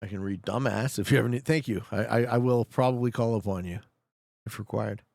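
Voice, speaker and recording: A man's voice: lowish voice, fairly quick, creaky, a little mellow, no echo, clean studio sound. A young man streaming a geography guessing game, joking and talking back to his chat. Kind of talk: casual live gameplay commentary.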